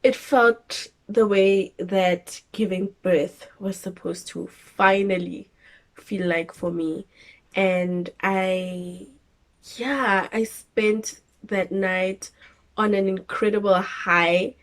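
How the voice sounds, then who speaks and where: A young woman with a South African English accent tells a personal story in a lively, casual way. She slips into acted voices and laughs at herself, and her pitch sits at a middle level for a woman. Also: extremely slow. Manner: animated, acts out her own screams and quotes with laughter. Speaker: vlogger telling her birth story.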